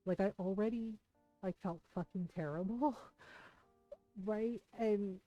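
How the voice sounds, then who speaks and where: A woman's voice: mid-range voice, takes it slowly, no room sound, lo-fi sound. A middle-aged woman streaming and chatting, telling a personal story in a rambling, candid way with lots of fillers. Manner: rambling, many fillers and restarts. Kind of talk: casual chat while gaming. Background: faint game music.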